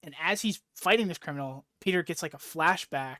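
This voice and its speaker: A man's voice: a little high, brisk, pushed and bright, no echo, studio quality. A young man hosting a casual podcast chat, rambling with lots of fillers and swearing freely as he recaps a story. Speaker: podcast host.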